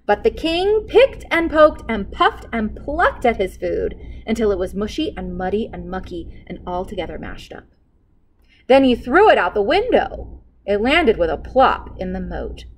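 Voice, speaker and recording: A woman librarian reading a picture book aloud to children with expressive storytelling. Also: medium pitch, a little slow, a little hiss or hum, rough recording.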